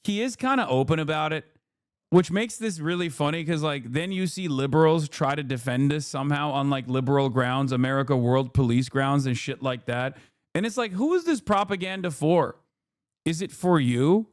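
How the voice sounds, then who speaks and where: A man's voice: fairly high pitch, expressive, normal speed. A man streaming live commentary on the news, sarcastic and profane, with frequent fillers and rhetorical questions. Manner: mocking and rhetorical.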